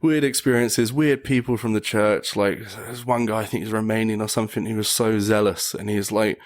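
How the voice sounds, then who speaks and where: A man's voice: fairly low pitch, steady tone, normal speed, no echo, clean studio sound. A man, a podcast guest telling stories in casual chat, upbeat and laughing often as he acts out the people he describes. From England.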